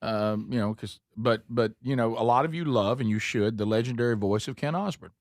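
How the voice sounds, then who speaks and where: A man's voice: medium pitch, brisk, no echo, clean studio sound. A man hosting a radio talk show, rambling with many restarts. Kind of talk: casual radio banter.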